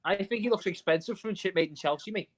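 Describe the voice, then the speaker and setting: A relaxed, chatty voice giving casual reactions during a live football watchalong. The delivery is easygoing and conversational, with an even, middling pitch. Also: quick pace.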